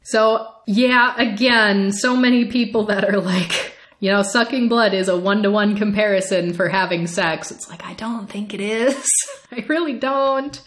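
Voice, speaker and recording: A woman's voice: medium pitch, a little slow, fairly bright tone. Wry, chatty young woman host. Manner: chatty, wry, laughs often. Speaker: podcast host. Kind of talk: casual book discussion.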